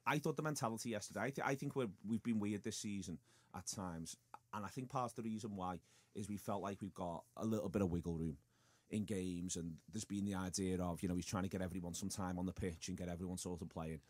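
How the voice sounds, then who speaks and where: Fast-talking man with a low voice. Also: no echo. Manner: fast, animated, with many restarts. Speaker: podcast host. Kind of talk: football podcast chat.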